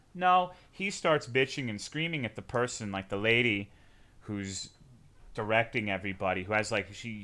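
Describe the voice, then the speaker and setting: A male streamer chats casually with his viewers, swearing freely and breaking into sudden loud bursts as he tells a story. His voice is bright and forward, sitting at a middle pitch for a man.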